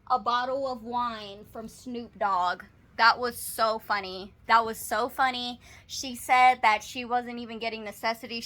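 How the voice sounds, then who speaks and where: A woman's voice: a little high, sharp tone. A young woman with a Texan accent, casually chatting to camera about a shopping haul and telling stories in her apartment, with lots of "like" fillers. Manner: chatty, storytelling, says "like" often. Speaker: vlogger. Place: apartment, indoors.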